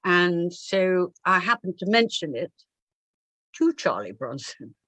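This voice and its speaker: A woman, a guest author, telling animated anecdotes on a video call and often restarting her sentences. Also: fairly low pitch, slow pace, no echo. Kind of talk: anecdotal interview talk.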